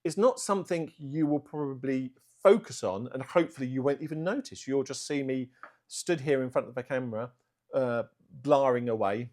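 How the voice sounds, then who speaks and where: At home, indoors, a man addresses the camera without a script for his art vlog. Self-aware, he aims for measured, unhurried speech but still lets fillers slip, and his medium-pitched voice carries a darkish tone.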